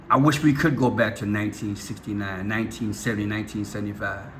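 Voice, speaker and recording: A man's voice: fairly low pitch, fairly even intonation, fast talker, hardly any pauses, fairly bright tone, slight background noise. A man preaching fervently to his viewers, urgent and impassioned, hammering points with repeated rhetorical questions. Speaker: preacher vlogger.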